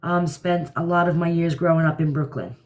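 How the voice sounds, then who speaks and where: A woman's voice: on the low side, fairly even intonation, a little fast. A woman from New Jersey with a New York-area accent, hosting a casual livestream and answering viewer comments in a blunt, opinionated way. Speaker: livestream host.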